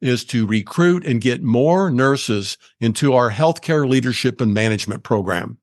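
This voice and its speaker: Middle-aged male host, steady mid-range voice, dry close mic, measured delivery. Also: medium pitch, dry recording. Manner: measured, explanatory, with small restarts. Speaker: podcast host. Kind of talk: conversational interview.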